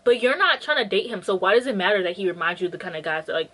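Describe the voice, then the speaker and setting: A woman in a casual book-review vlog, talking in a loose, blunt way. She retells scenes with plenty of filler words and sarcastic mock quotes. Her pitch sits in a middle range for a woman. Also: expressive, racing, fairly bright tone, rough recording. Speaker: book vlogger.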